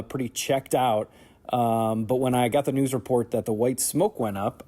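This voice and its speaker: Man telling an excited classroom story. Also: medium pitch. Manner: conversational with fillers, excited. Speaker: high school teacher. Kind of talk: casual storytelling.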